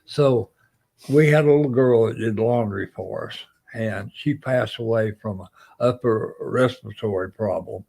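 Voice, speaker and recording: A man's voice: fairly low pitch, normal speed, gravelly. An older man, a Navy veteran, telling a long personal story as an interview guest and acting out what others said. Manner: lively storyteller who acts out quoted voices. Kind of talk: spoken anecdote.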